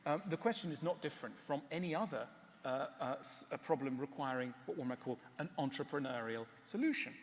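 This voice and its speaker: A man giving a public talk and answering questions, wry and animated, often stopping on fillers. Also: medium pitch, fairly quick, long reverb tail. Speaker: speaker. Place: large hall.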